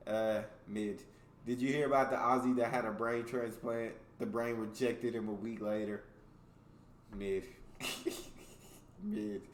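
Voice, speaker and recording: A man's voice: lowish voice, roomy sound, a little hiss or hum. An American man hosting a reaction video, reading jokes aloud in casual commentary and laughing often between them. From United States.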